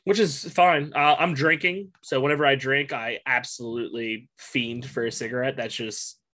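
A man's voice: mid-range voice, steady tone, moderate pace, pushed and bright. A young man rambling through casual chat, swearing freely and laughing often. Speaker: guest.

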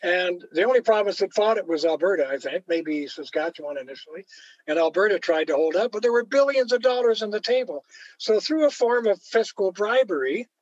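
Canadian male author guest, emphatic storyteller, fairly high voice, dry muffled audio. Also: animated, fairly quick, dry recording. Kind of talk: opinionated conversation. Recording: dull lo-fi dry recording.

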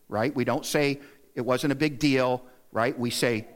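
A man's voice: fairly even intonation, brisk. Earnest male pastor preaching. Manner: earnest and exhorting, lists points, rises in pitch to stress them. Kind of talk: sermon. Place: church sanctuary.

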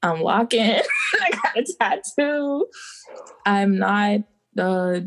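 Young woman from the bahamas, guest on a chat show, animated storyteller, laughs a lot. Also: medium pitch, slow. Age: young adult. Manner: animated storytelling, acting out quotes, laughing often. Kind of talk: casual interview chat.

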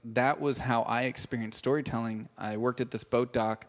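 A man chatting as a podcast guest, telling stories in an animated, casual and profane way. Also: medium pitch, moderate pace. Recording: long hall reverb.

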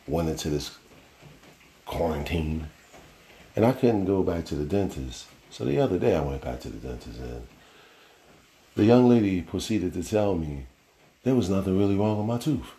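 A man's voice: deep voice, lively intonation, moderate pace, warm tone, echoey room. A man hosting a casual solo podcast, telling stories in a loose, rambling way with slang and the odd curse. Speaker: podcast host.

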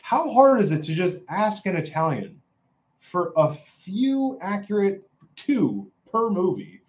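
A man's voice: high voice, sing-song, takes it slowly, a little mellow. A man giving a casual, opinionated film review, rambling and often restarting his sentences.

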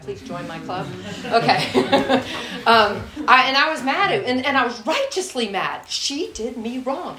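Woman preaching in an echoey hall. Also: a little high. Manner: lively, acts out her own anger in stories. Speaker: guest speaker. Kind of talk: sermon with personal storytelling. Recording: echoey room.

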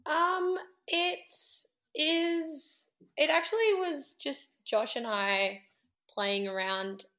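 An Australian woman, a band member guest, chatting in a relaxed, giggly way. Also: high-pitched, very slow. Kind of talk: casual chat.

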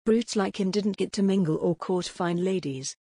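Husky-voiced woman narrating an audiobook. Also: medium pitch, normal speed, warm tone, no room sound, clean studio sound. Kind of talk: scripted romance audiobook narration.

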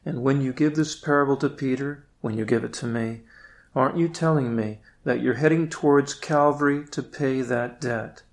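A man's voice: mid-range voice, moderate pace. A male priest giving a reflective prayer meditation, at times speaking directly to Jesus.

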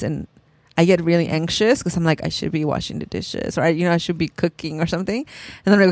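A young woman, a mother of a toddler, chatting casually and animatedly, acting out her child's cries in high squeals. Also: fairly quick, no echo. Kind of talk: casual chat.

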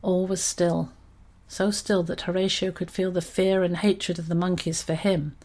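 A woman reading a children's story aloud in an expressive, steady storytelling manner. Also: on the low side, moderate pace.

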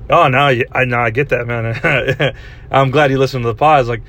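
A man's voice: mid-range voice, steady tone, moderate pace, a bit bright. A man hosting a comedy podcast, asking rambling, stammering interview questions. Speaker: podcast host playing interviewer.

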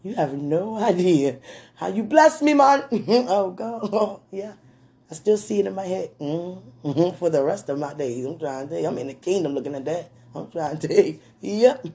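Woman, low-pitched, gravelly, giggling, gushing, rambling personal message. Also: expressive, moderate pace, dark tone. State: clearing a lingering cough. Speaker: admirer speaking to a man on video.

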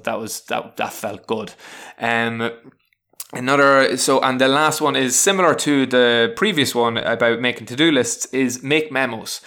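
A man's voice: mid-range voice, a bit bright, clear, resonant tone. A man, a teacher, casually talking through his personal tips. He rambles and restarts often and sounds frank and chatty. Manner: rambling, many restarts and fillers; frank, chatty, self-deprecating. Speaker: teacher sharing self-help tips. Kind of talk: casual spoken advice monologue.

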